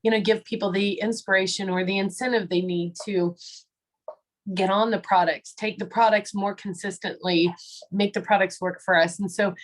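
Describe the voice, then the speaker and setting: Woman, mid pitch, earnest testimony, video call audio. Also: fairly even intonation, normal speed, low-quality recording. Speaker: testimony speaker.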